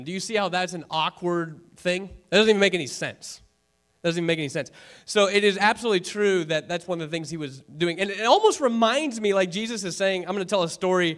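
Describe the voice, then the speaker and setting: A man with a notably high voice preaching to his congregation. He talks in an earnest, chatty way, repeats his main points for weight, and checks in with the listeners as he goes. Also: fast, fairly bright tone. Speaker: pastor. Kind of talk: conversational sermon.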